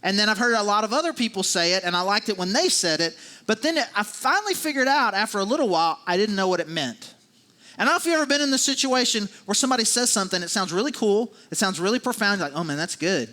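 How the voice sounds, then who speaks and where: A man's voice: sits high, expressive, fast talker, bright, forceful tone. A man preaching a sermon as a pastor, talking in a conversational, self-deprecating way with many restarts and repeated phrases.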